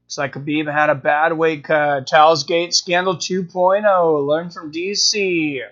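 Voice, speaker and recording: A man with a high voice hosts a live stream, talking casually and answering viewers' comments. He thinks out loud, circling back with fillers and restarts. The sound is dull and lo-fi. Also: fairly even intonation, a little slow. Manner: rambling, thinking aloud with many fillers and restarts.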